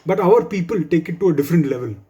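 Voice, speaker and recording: A man's voice: a little high, animated, very fast, warm tone. A man performing a stand-up comedy set for office colleagues, with wry, dry humor and asides. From India.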